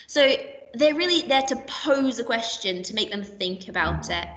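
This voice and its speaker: A woman teaching a recorded primary school literacy lesson, explaining clearly and patiently and slipping into playful example voices. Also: fairly high pitch, expressive, normal speed, fairly bright tone, far from the mic. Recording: echoey room, voice a bit off-mic.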